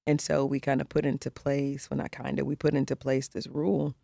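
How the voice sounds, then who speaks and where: A woman's voice: extremely low pitch, completely flat delivery, fairly quick, vocal fry, mellow, no room sound, studio quality. A middle-aged woman co-hosting a podcast, telling a personal story in candid casual conversation and acting out the voices of the people she quotes. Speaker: podcast co-host.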